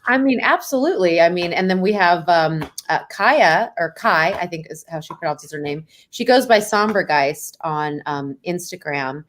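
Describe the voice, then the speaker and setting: A woman's voice: fairly low pitch, animated, moderate pace, hardly any pauses, a bit bright, a little hiss or hum. A woman chatting playfully with fans on a video call, as the host of the event. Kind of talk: casual video call chat.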